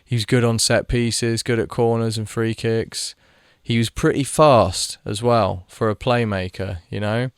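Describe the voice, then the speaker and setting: A man's voice: medium pitch, fairly even intonation, measured pace, clean tone, no room sound, clean studio sound. A young man giving rambling, casual commentary while playing a game, swearing freely and chatting to the players on screen. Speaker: gaming video creator.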